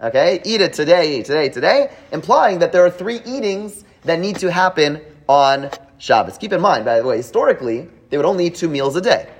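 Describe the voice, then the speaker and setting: A man's voice: a little high, expressive, a little fast, hardly any pauses, breathy edge. A man teaching a live class, explaining at length with many fillers, restarts and rhetorical checks to his students. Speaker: teacher leading a Talmud class.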